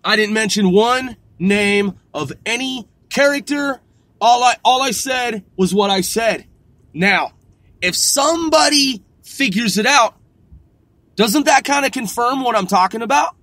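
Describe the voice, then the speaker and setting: A man's voice: very high voice, lively intonation, measured pace, pushed and bright, no echo. A man hosting a podcast, ranting sarcastically from his car and swearing constantly. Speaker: podcast host. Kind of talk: profane ranting monologue.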